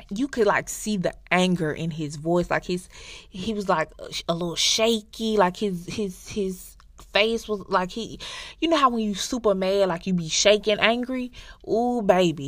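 A woman hosting a podcast, telling a TV plot in a casual, animated and profane way, acting out the characters' lines. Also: on the low side, no room sound, studio quality. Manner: animated, profane storytelling with acted-out quotes. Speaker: podcast host. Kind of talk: casual recap of a TV series.

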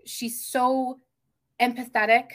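A young woman guesting on a podcast, telling family stories in casual chat with lively gasps. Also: on the high side, takes it slowly. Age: young adult. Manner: animated storyteller, gasps and mimics family voices.

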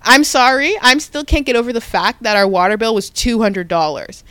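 A young woman hosting a podcast, telling a personal story in a casual, animated way with frequent restarts and self-corrections. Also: on the high side, fairly quick, clean tone, no room sound. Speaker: podcast host.

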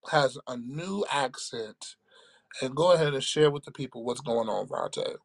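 A man co-hosting a casual podcast, talking in a measured, reflective way and often checking in with "right?". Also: medium pitch, animated, gravelly. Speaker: podcast co-host. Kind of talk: casual chat.

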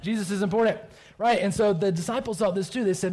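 A man's voice: high voice, quick pace, few pauses. A man giving a children's sermon at church, asking the kids questions and checking in with "right?" after his points. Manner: animated, asks kids questions, tags lines with "right?". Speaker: pastor giving a children's message.

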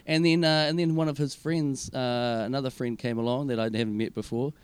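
A man's voice: mid-range voice, steady tone, fairly quick, smooth, no room sound. Rambling sweary young New man. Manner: rambling, sweary, lots of fillers and restarts. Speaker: podcast co-host. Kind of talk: casual storytelling chat.

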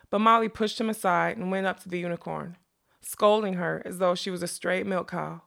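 Gravelly-voiced woman narrating a fantasy novel. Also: lowish voice. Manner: measured, expressive storytelling. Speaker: audiobook narrator.

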